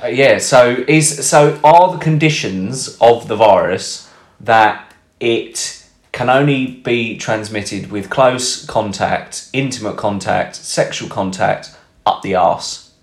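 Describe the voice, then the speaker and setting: Wry bloke with a low voice. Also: male voice, slow pace. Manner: wry, dry banter, swears freely. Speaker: podcast co-host. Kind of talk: casual chat. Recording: echoey room.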